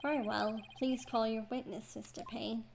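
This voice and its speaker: A woman's voice: on the high side, fairly even intonation, gravelly, background noise. A woman voicing a stern, formal old male judge in a video game, over game music. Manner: formal, measured.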